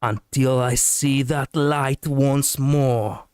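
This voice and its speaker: This is a gallant knight who draws every word out, grave and stately. The pace is very slow and heavy with ceremony. A man mimics it on his stream. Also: a little high, expressive, clean tone, no echo, studio quality. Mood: solemn. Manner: very slow, solemn delivery. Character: noble, gallant male knight.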